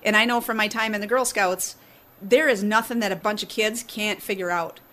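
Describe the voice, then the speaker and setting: A woman's voice: medium pitch, fairly even intonation, brisk, sharp tone. A woman hosting a casual chat, responding to her guest in an upbeat, agreeing way. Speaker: host.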